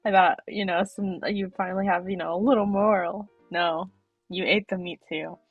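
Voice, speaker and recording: A young woman streaming a horror game, reading the text aloud and reacting with laughs, in an animated, husky voice. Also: on the low side, normal speed, no room sound, narrow, tinny audio, faint music behind.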